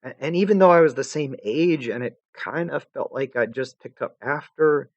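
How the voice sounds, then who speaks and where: A man's voice: mid-range voice, normal speed, no room sound, highs cut off, pitched above the performer's own voice, close to an everyday voice. A man voicing a brash teenage troll girl whose cocky talk turns shaky and full of stammers.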